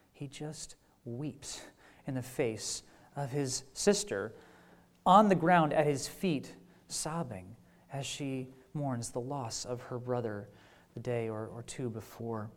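A man's voice: medium pitch, darkish tone. A man giving a conversational sermon, informal and full of repeated words and "like"s, with wry, self-deprecating humor. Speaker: preacher.

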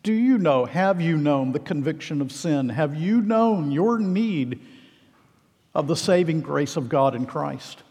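A man's voice: a little high, expressive, a little slow, darkish tone, slightly rough, in a large hall. A man preaching a sermon, earnest and emphatic, pressing pointed questions on his hearers.

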